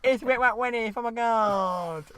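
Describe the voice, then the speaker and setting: A man voicing a ditzy young woman being chatted up at a bar, with gushing, breathy exclamations, in comic improvised role-play. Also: very high voice, a little slow, fairly bright tone, pitched above the performer's own voice.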